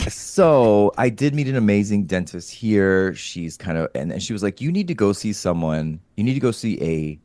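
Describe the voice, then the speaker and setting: Man, low voice, very animated pitch, swearing and laughing, dry studio sound. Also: moderate pace, hardly any pauses, no echo. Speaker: podcast guest, comedian. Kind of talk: casual chat.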